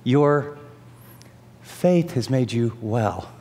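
A man voicing Jesus as a calm, commanding man who is quiet and firm. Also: mid-range voice, extremely slow, long reverb tail. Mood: solemn.

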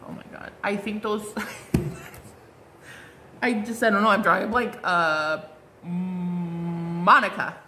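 With a lowish voice and a steady tone, a woman takes it slowly, leaving long pauses, as she gives a casual tarot reading against background noise. She's bubbly and chatty, with many fillers and exclamations, including lots of "like" and "oh my God."

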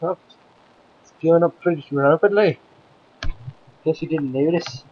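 A man's voice: fairly high pitch, measured pace, slight background noise. Chatty Scottish man over muffled audio. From Scotland. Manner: playful, chatty, talks to the game characters. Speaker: let's play host. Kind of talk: gameplay commentary.

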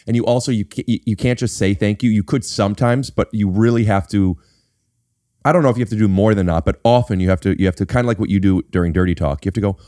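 A podcast host and actor with a lowish, dark-toned voice talks fast into a studio mic with no room sound. In casual podcast chat, he explains things in a playful, mock-serious manner.

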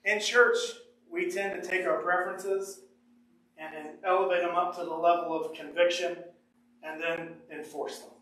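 Emphatic pastor preaching in an echoey church. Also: male voice, sits high, steady tone, normal speed, pushed and bright, slight background noise. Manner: emphatic, repeats key lines, reads scripture aloud. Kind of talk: sermon. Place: church sanctuary. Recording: echoey room, mic far off.

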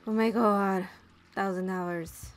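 A woman's voice: medium pitch, steady tone, takes it slowly, slight background noise. A woman giving casual, chatty commentary while playing a video game, easily delighted by what she sees. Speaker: let's play commentator.

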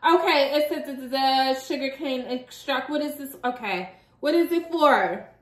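A young woman talks straight to her viewers while unboxing beauty products, chatty and quick to giggle. Her voice sits high and bright. The room around her rings with echo. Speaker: beauty vlogger. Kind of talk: casual unboxing chat.

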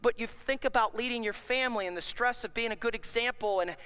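A man preaching a sermon as pastor, animated and acting out worried voices for the congregation. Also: very high-pitched, fast, clean tone. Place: church sanctuary. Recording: long hall reverb.

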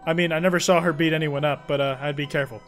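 A man's voice: a little high, fairly even intonation, very fast, a bit bright, soft background music. A man voicing a chatty, rambling young schoolkid telling gossip. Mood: gossipy.

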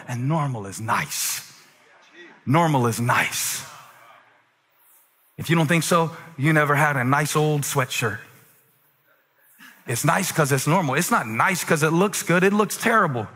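A man preaching a sermon as a pastor, moving from quiet, conversational stretches to shouted, near-sung climaxes. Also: a little high, lively intonation, measured pace, pauses often, husky. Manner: preaching with swings from quiet talk to shouted crescendos. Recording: long reverb of a large hall.

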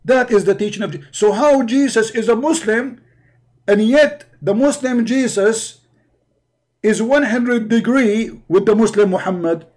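High-pitched man, mocking reaction commentary. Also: a little slow, a little mellow. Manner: mocking, sarcastic. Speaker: host. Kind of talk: reaction commentary on a debate clip.

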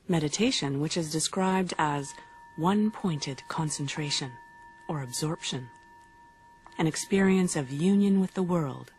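Polished documentary narrator, mid-pitched voice. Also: slightly rough. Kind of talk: scripted narration.

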